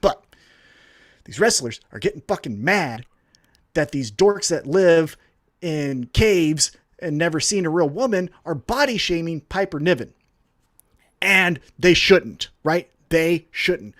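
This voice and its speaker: A high-voiced man rants with heat, his pitch leaping all over as he swears his way through a complaint. He sounds like a podcast co-host in full flow. The sound is dry and close. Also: animated, takes it slowly, a bit bright, no room sound. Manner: heated, profane, ranting. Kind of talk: profane wrestling podcast rant.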